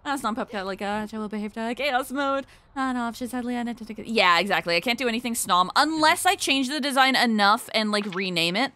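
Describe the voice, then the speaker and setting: A woman's voice: fairly high pitch, animated, fast, hardly any pauses, sharp tone. A young woman streaming a shooter game, chatting casually with her chat and swearing often.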